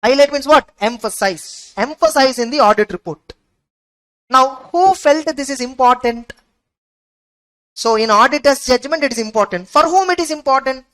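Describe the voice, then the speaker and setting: A woman's voice: high-pitched, moderate pace, a bit bright, rough recording. A woman giving an exam revision lecture, asking her students rhetorical questions and repeating key points. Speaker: teacher.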